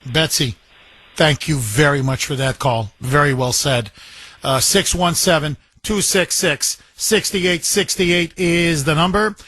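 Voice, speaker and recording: A man's voice: fairly high pitch, a little slow, pushed and bright, no echo. A man hosting a talk radio show, firing pointed questions at a caller.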